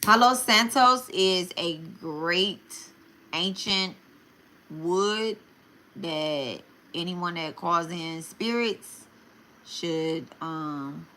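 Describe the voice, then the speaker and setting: A woman's voice: on the low side, extremely slow, pushed and bright, slight background noise. A middle-aged woman giving a live psychic reading, talking loosely and often adding "right?" as she tells a story. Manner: conversational, tag questions, storytelling. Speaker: psychic medium.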